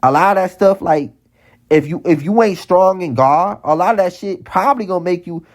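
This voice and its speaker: A man's voice: sits high, moderate pace. A man delivering a heated vlog monologue, repeating lines over and over and stumbling into restarts. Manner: heated, repetitive, stammering restarts. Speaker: vlogger. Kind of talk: ranting monologue.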